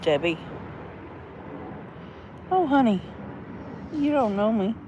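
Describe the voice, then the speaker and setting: A woman's voice: fairly high pitch, sing-song, slow pace, background noise. A middle-aged woman chatting on a casual livestream, answering chat in a chatty, mothering and blunt way, with some cursing. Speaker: livestream host reading chat.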